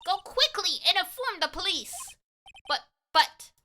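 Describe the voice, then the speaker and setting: A woman's voice: very high voice, a little hiss or hum, voice pushed up, heavily acted. A woman doing a formal older medium. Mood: grave. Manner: formal, calm, measured.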